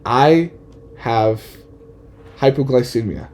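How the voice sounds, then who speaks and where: A man's voice: medium pitch, slow, noisy background, close to an everyday voice. A man voicing an ancient male blue rattlesnake who guards a lever, in a theatrical, grandiose way. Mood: weary. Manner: grandiose, dramatic announcer-like delivery. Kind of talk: comedic storytelling with put-on voices.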